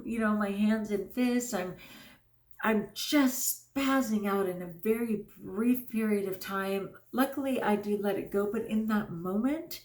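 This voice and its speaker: A woman in her forties, a longtime teacher, talking candidly and earnestly in a casual personal vlog, with frequent fillers. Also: mid-range voice. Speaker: teacher and vlogger.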